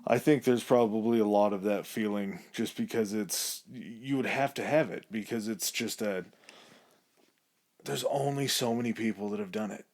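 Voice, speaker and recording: A man's voice: fairly low pitch, moderate pace, darkish tone. A man co-hosting a podcast in casual chat, easygoing and thinking aloud with ums and uhs. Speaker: podcast co-host.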